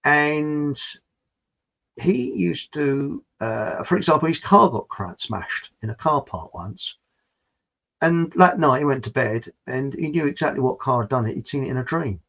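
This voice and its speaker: A man's voice: a little high, lively intonation, measured pace, creaky, fairly bright tone. A British man hosting a casual chat, rambling and chatty, laughing at his own jokes. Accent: British English. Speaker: host. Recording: muffled lo-fi audio.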